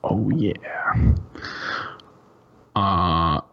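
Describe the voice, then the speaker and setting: Low-voiced man on a dull, muffled line. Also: very slow, gravelly. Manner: hesitant, filler-heavy, questioning. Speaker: podcast co-host. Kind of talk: casual chat.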